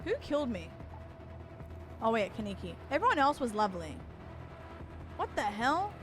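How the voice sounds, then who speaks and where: A woman's voice: fairly high pitch, big pitch swings, normal speed, music in the background. A young woman streaming a game, chatting casually with viewers, reacting aloud and swearing now and then. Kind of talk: casual gaming stream chat.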